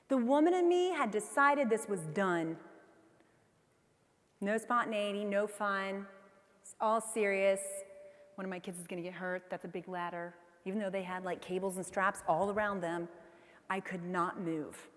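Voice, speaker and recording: A woman in her forties giving a motivational keynote speech, telling a personal story with animated delivery and acting out her own inner voice. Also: medium pitch, normal speed. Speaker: keynote speaker. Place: large convention hall. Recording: long hall reverb from the PA.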